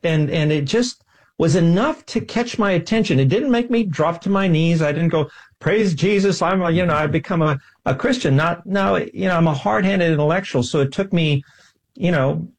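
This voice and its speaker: A man's voice: fairly high pitch, normal speed. A man speaking as a guest in an interview, earnest and self-deprecating, telling a personal story with enthusiasm. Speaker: guest, scientist.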